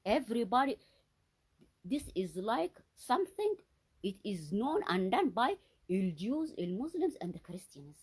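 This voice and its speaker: A woman talking alone to camera in a husky, slightly breathy voice. She sounds agitated and accusatory, breaking off mid-phrase and repeating words with rising emphasis. Her pitch sits in the middle range for a woman. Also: sing-song, a little slow, a little mellow. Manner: agitated and accusatory, with frequent restarts and repetitions. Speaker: vlogger. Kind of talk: unscripted solo monologue.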